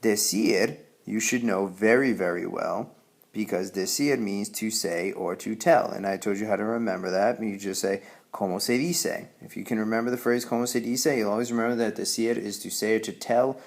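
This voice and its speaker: Low gravelly male teacher. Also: moderate pace. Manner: patient, repeats "okay?" to check understanding. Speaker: Spanish teacher. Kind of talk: classroom grammar lesson.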